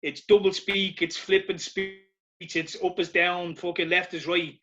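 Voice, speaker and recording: Bright, blunt sweary man. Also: high-pitched, flat delivery, measured pace. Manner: blunt, sweary, agreeing asides. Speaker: podcast co-host. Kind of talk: casual podcast chat. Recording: dull lo-fi podcast audio.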